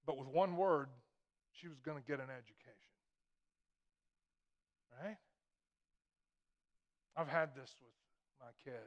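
A middle-aged pastor preaching a sermon, emphatic, repeating key phrases for weight. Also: male voice, a little high, slow, pauses often, lo-fi sound.

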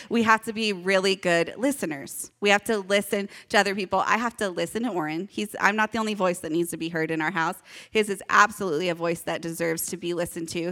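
A woman's voice: lowish voice, bright, forceful tone. Young woman pastor, upbeat and chatty, leads call-and-response with kids. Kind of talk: children's sermon to a congregation.

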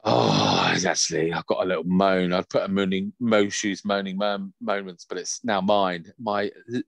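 A man telling a sweary, animated story in casual chat. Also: deep voice, moderate pace, creaky, no echo. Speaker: podcast co-host.

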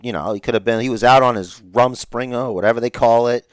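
A man's voice: mid-range voice, fast, clear, resonant tone, no echo, clean studio sound. A congested man co-hosting a podcast, rambling, joking and swearing in casual chat. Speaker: podcast co-host.

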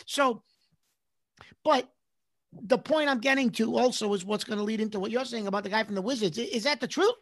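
A man co-hosting a sports talk show who thinks out loud, turning his points into questions and hesitating as he goes. His voice sits fairly high. The recording is dry and close. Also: a little fast, pauses often, no echo. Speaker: sports radio co-host.

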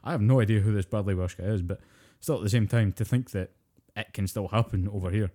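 A man's voice: fairly low pitch, fast, dark tone. A British man co-hosting a podcast, chatting casually, swearing freely and cracking jokes with easy laughter. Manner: profane, jokey, laughs easily. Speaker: podcast co-host. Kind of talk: casual chat.

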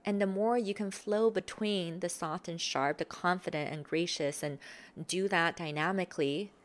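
A woman coaching on social confidence, explaining in a relaxed talk and acting out sample replies with sighs and laughs. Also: lowish voice, moderate pace. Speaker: self-improvement coach. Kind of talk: explanatory talk with acted example lines.

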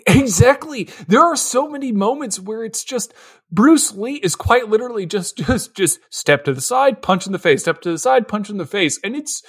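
Excitable laughing man, husky lively voice. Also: sits high, normal speed. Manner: excitable, laughing, acts out scenes. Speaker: podcast co-host. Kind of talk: casual movie-review chat.

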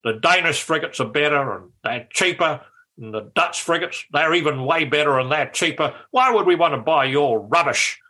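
A man putting on a gruff older male politician who delivers blunt, dismissive put-downs. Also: on the high side, animated, normal speed, pushed and bright, voice pushed up. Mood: scornful.

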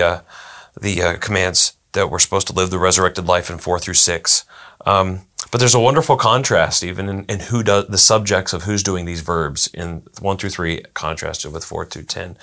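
A man with a very low, creaky voice explains a Bible passage in a teacherly, unhurried way. His tone has a bright, sharp edge despite its depth, and he pauses often with "um" while working through his points. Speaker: Bible study co-host. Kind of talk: casual Bible discussion.

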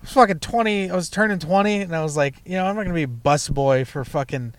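A man's voice: on the high side, quick pace, no room sound. A young man, a stand-up comedian, telling a loose, profane story from his past in a casual chat, full of fillers like "you know" and "like". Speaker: comedian guest.

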